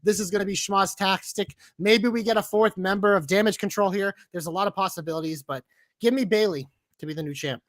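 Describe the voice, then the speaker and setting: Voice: medium pitch, fairly quick, no room sound. A podcast co-host reading out a lineup and giving blunt, cussing opinions in casual banter. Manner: blunt, swears, swings from loud to mumbled.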